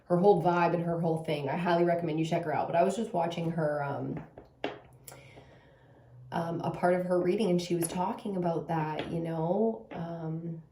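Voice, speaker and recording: A woman's voice: on the low side, steady tone, normal speed, mellow, reverberant, a little hiss or hum. A young Canadian woman giving a casual tarot reading, rambling loosely and swearing freely. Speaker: tarot reader.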